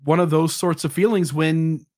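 A man's voice: on the high side, fairly even intonation, moderate pace, a little mellow. A man in his forties, a podcast guest who explains his ideas thoughtfully and with some fillers. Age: 40s. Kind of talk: conversational interview.

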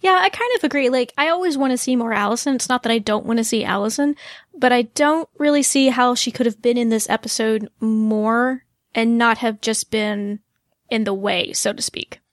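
Woman, podcast co-host, casual chat, animated, laughs easily, fairly high voice, dry close sound. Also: normal speed, no echo.

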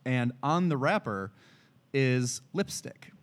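A man's voice: medium pitch, expressive, slow. A man co-hosting a casual chat about a TV episode, retelling scenes in careful detail with frequent fillers. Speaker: podcast co-host.

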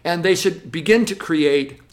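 Taking an unhurried pace, a medium-pitched music teacher describes how they run their classroom during an interview. The telling is animated, with occasional impressions of classroom voices.

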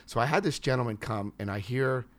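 A man from New York, an investor and business consultant, telling animated anecdotes in an interview. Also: medium pitch, a little fast. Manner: animated anecdotes with quoted voices. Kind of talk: storytelling interview answers.

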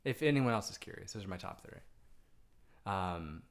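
A man's voice: deep voice, expressive, moderate pace. A man co-hosting a movie review podcast, bantering in a jokey, self-deprecating way. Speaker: podcast co-host. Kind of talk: casual chat, movie review.

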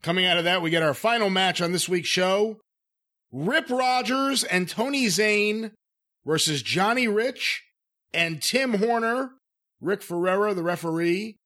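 A man's voice: sits high, unhurried. A man co-hosting a casual podcast, reviewing old matches and reading out the show's plugs. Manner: relaxed, wraps up with plugs. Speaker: podcast co-host.

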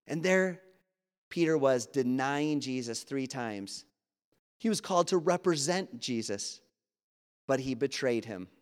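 A man's voice: mid-range voice, unhurried, clear, resonant tone. Earnest man preaching in a reverberant hall. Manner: earnest, conversational preaching with quoted dialogue. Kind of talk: sermon. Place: church sanctuary.

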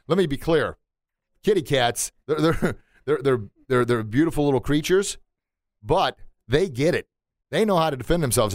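Lively man teaching like a martial arts coach. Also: medium pitch, no room sound, clean studio sound. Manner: animated, acts out quotes and sounds, laughs at himself. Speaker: martial arts instructor and podcast host. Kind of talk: motivational podcast talk.

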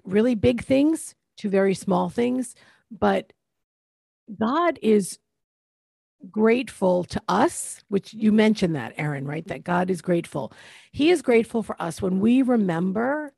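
Husky reflective woman host. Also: mid-range voice, animated, a little slow, a little mellow, dry recording. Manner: reflective, teacherly, asks questions. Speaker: podcast host. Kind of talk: faith podcast conversation.

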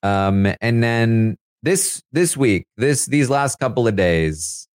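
A man's voice: medium pitch, expressive, takes it slowly, smooth, no room sound, clean studio sound. A man hosting a casual recap of a reality show, chatty and full of fillers, laughing as he talks. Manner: chatty, filler-heavy, laughs while talking. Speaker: live feed recap host.

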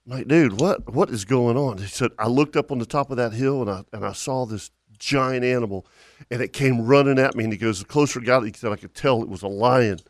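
A man's voice: medium pitch, brisk, no room sound, studio quality. A man hosting a fishing podcast who tells stories in a rambling, repetitive way and laughs through them. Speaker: podcast host. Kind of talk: casual storytelling chat.

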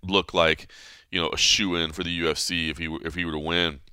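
A man hosting a podcast, telling a story in a casual, animated way, full of fillers like "man" and "you know", acting out the people he quotes. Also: low-pitched, a little fast, smooth, dry recording, studio quality. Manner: animated storyteller who acts out quoted voices. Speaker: podcast host.

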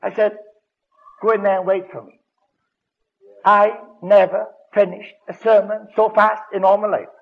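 Older male evangelist, high gravelly voice, dramatic storyteller; dull old broadcast sound. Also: level tone, a little slow, pauses often. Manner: dramatic storytelling with sudden loud bursts. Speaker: evangelist preacher. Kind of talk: radio broadcast sermon.

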